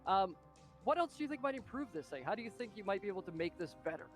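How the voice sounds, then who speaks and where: Man, game master, excitable narration, fillers, raised pitch, faint background music. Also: very fast. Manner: excitable, many fillers, animated sound effects.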